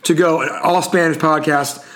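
A man's voice: fairly high pitch, steady tone, moderate pace, noisy background. A man hosting a casual sports podcast, chatty and rambling, with frequent fillers and asides. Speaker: podcast host.

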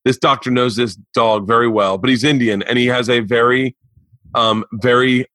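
A man in his forties hosting a casual podcast and telling stories in an animated, rambling, profane way. His voice is mid-pitched and he is recorded dry and close on the mic. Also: normal speed, no room sound. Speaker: podcast host. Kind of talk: casual chat.

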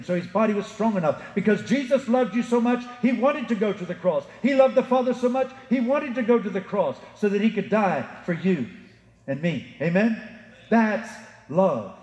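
A man preaching a sermon as pastor, emphatic, rising for quotations and dropping low to address the listeners directly. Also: a little mellow. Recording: echoey hall with long reverb.

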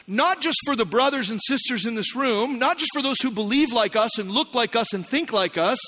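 A middle-aged male pastor from Arizona, preaching a sermon with a personal story, animated and swinging from shouts to hushed lines. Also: very high-pitched, fairly quick, hardly any pauses.

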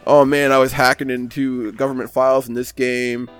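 A man voicing loud, bragging rich schoolboys who mock a classmate. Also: mid-range voice, level tone, normal speed, clean tone, faint music behind, natural voice. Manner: loud, showy and mocking.

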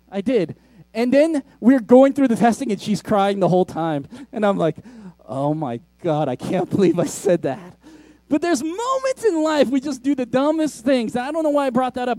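A man's voice: very high voice, mellow, dry recording. A middle-aged male pastor preaching a sermon, conversational and self-deprecating as he tells stories.

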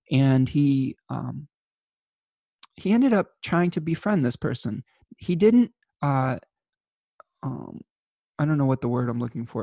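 A man with a mellow, gravelly voice talks in an earnest, halting way, full of fillers and restarts. His words sound dry and close, as if he is alone with the mic in a small room. He speaks as an astrology host. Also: mid-range voice, no room sound. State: choked up with emotion. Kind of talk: casual spoken monologue.

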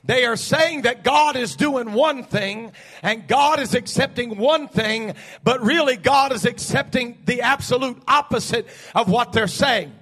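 A male pastor preaching a fiery sermon, building from talk into fervent, shouted bursts. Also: extremely high pitch, unhurried, husky.

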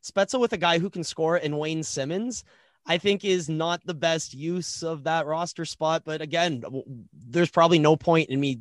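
A man with a fairly high voice talks bluntly on a podcast. He presses with quick, pointed questions, and the sound is dry and close. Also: dry recording. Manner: blunt, rapid-fire questions. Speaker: podcast co-host. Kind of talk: casual sports talk.

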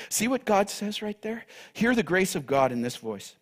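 A man's voice: high-pitched, sing-song, moderate pace, hardly any pauses, a bit bright. A man preaching a sermon, emphatic and direct with the congregation, repeating key phrases. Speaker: pastor.

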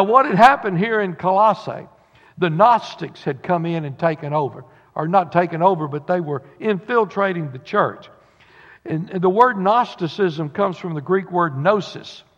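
A man's voice: sits high, normal speed, a bit bright. A man, a pastor preaching a sermon to his congregation in a folksy, conversational way. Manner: folksy preaching with Southern turns of phrase. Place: church sanctuary. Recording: dull sound in a long-reverb sanctuary.

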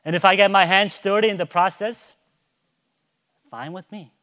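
A man pastor preaching a sermon, moving from soft, hushed storytelling to loud, soaring proclamation and acting out a child's calls in a high voice. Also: steady tone, normal speed.

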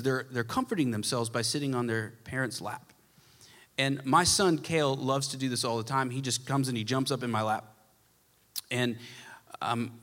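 A man's voice: medium pitch, a bit bright. A man preaching a sermon as a pastor, telling a story earnestly, his volume swelling and dropping. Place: church. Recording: echoey church hall.

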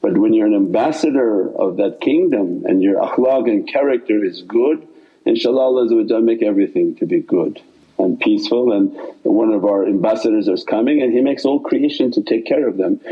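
A man's voice: medium pitch, fairly quick, breathy edge, highs cut off. A man teaching in an informal sermon, with meandering speech that repeats itself and loose phrasing. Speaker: religious teacher.

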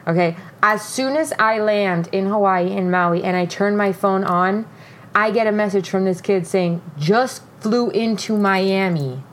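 A young woman co-hosting a casual podcast, telling a story in an animated way, with frequent swearing and laughter. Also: medium pitch, normal speed, a little hiss or hum. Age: young adult. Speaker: podcast co-host.

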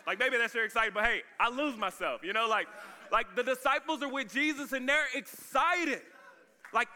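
A man preaching a sermon as pastor, energetic and casual, calling out to his congregation. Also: very high-pitched, normal speed.

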